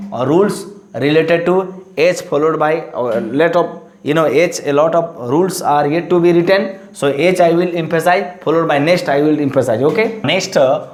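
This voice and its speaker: A man teaching a lesson, halting and full of fillers and restarts. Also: fairly high pitch. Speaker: English teacher. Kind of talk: classroom-style lesson. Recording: echoey room.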